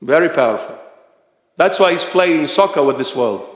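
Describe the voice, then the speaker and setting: Male preacher, high-pitched, bold and shouting at times, roomy hall sound. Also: expressive, normal speed. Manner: forceful, rising to shouting. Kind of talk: sermon. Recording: echoey hall.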